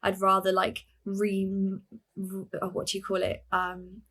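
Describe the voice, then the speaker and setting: A woman's voice: mid-range voice, monotone, a little slow, fairly bright tone, slightly rough. A woman guest on a casual podcast who talks reflectively and sometimes searches for her words mid-sentence. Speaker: podcast guest, fitness coach.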